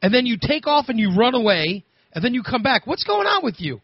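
A male radio show host, excitable and teasing, running a comedic talk show. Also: extremely high pitch, fairly quick, vocal fry, dry recording. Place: radio studio. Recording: slightly dull studio audio with faint music.

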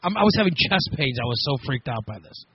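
A man hosting a radio show, telling a story on air in a casual, animated, self-mocking way with frequent laughs. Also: medium pitch, quick pace, husky, no echo, muffled recording. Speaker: radio host.

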